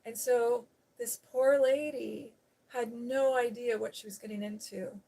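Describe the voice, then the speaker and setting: Her voice sits on the high side yet sounds dark and creaky, steady in tone and a little slow, as this ASMR host talks directly to her live-stream viewers from a day bed. Rambling through a lengthy personal story full of asides, she slips into other people's voices when quoting them.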